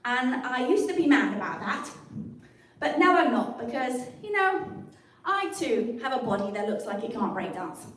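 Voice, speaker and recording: A high-voiced English woman works through a wry stand-up set, poking fun at herself. The sound is roomy and distant, with the mic set far from her. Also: very animated, moderate pace, a bit bright. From England. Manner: wry, self-deprecating, chatty with the live stream audience. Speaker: stand-up comic. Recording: echoey room picked up from a distance.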